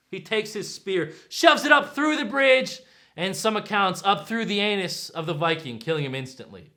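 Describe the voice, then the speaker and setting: A man hosts a history show with excitable energy, often checking in with his viewer. His voice sits high and swoops widely. The tone is bright and forward. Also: a little fast. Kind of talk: animated storytelling to camera.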